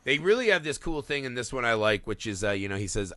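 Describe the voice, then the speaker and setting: Male podcast co-host, animated and profane; bright, lively delivery, dry close mic. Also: mid-range voice, fast talker, hardly any pauses, no echo. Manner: animated, swears, acts out quotes in put-on voices. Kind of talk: casual film discussion.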